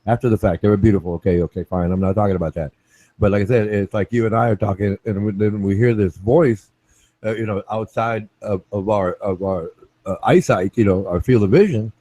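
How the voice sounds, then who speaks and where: A man with a low, mellow voice hosts a casual talk show and keeps circling back to his point. He restarts sentences and checks in with "right?", speaking from a dry, close space. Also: steady tone, fairly quick, no echo. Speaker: show host. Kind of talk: casual chat.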